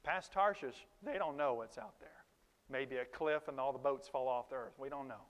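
A man preaching a sermon in a conversational, animated way, with sudden loud emphases and quiet asides to the congregation. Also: mid-range voice, moderate pace. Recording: long reverb of a large hall.

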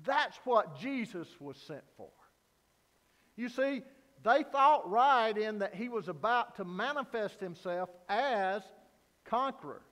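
A man preaching a sermon as pastor, earnest, swinging from loud emphasis down to quiet, low lines. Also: lively intonation, slow pace. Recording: long hall reverb.

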